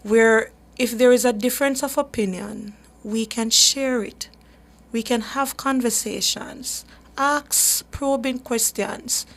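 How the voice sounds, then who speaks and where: A woman's voice: a little high, a little slow, a bit bright. A woman, a human rights advocate hosting a radio talk show, speaking earnestly and emphatically with frequent restarts. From Jamaica.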